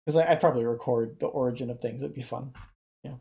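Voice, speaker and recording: A mellow, dark-toned voice talking through a reaction video in a tired, subdued way. The speech stops and restarts often as the speaker searches for words, in a casual, unhurried stream. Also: gravelly. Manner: low-energy, hesitant, many restarts.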